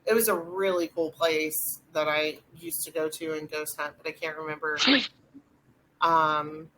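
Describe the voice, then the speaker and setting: A woman's voice: low voice, unhurried, slight background noise, low-quality recording. Rambling woman telling a ghost story. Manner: rambling, animated retelling with lots of fillers. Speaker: podcast co-host. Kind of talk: casual storytelling chat.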